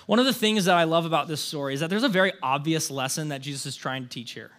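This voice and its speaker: A man's voice: fairly high pitch, expressive, fast, fairly bright tone. A young male pastor preaching a sermon, reading a scripture story aloud and then talking to the congregation in an earnest, conversational way. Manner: conversational, earnest, with restarts and "right?" asides.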